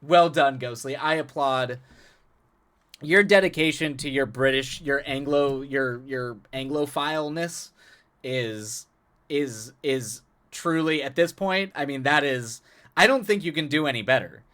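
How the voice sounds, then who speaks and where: A man's voice: medium pitch, measured pace, a bit bright. A man talking casually as a live streamer, chatting with viewers, often laughing and repeating words as he restarts his sentences.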